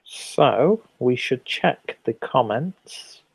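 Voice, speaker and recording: English male streamer, casual and sweary, mid-pitched, dry close mic. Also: very slow, gravelly, slightly rough, dry recording, low-quality recording. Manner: relaxed, rambling, sweary, reads viewer comments aloud. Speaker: host of a live beer review stream. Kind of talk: casual late-night live stream chat.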